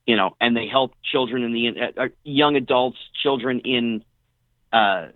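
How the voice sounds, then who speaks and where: A man's voice: mid-range voice, normal speed, no room sound. Middle-aged man telling stories over a tinny phone line. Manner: animated storyteller who acts out quoted dialogue. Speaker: interview guest, actor. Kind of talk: casual interview storytelling.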